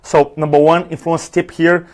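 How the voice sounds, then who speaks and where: An energetic public speaking trainer with a thick, Spanish-influenced foreign accent gives a live seminar in an event room before an audience. His fairly high voice moves at a moderate pace as he fires off rhetorical questions and numbered tips.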